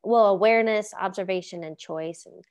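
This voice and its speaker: A woman's voice: mid-range voice, normal speed, a little mellow, lo-fi sound. A woman hosting a casual conversation, reflective and affirming as she adds her own thoughts.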